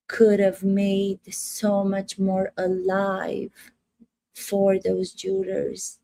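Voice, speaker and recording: A woman acting coach comments to camera in an unhurried, gravelly voice. She speaks emphatically, repeats her key phrases and keeps asking rhetorical questions. The sound is close and dry. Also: mid-range voice, completely flat delivery, warm tone, dry recording.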